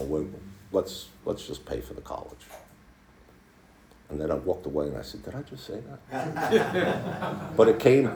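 A man in his sixties with a deep, low voice tells his story to a recovery group in a candid, plainspoken way, often stopping to restart a phrase. The sound carries a noticeable room echo. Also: warm tone, a little hiss or hum. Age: 60s. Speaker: speaker at a recovery meeting. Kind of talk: personal testimony to a group. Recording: echoey room.

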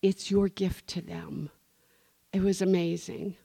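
A woman's voice: on the low side, slow, vocal fry, husky, dry recording, clean studio sound. A woman speaking to a recovery meeting, telling her story expressively and acting out the people in it. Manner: expressive storyteller, acting out quoted voices, laughing often. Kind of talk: personal testimony to a group.

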